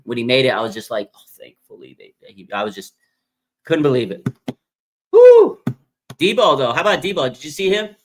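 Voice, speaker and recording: Fan-show host, male, mid-range voice; animated live reaction talk, repetitive and filler-heavy. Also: mid-range voice, fast. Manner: animated, emphatic, repeats himself, frequent fillers.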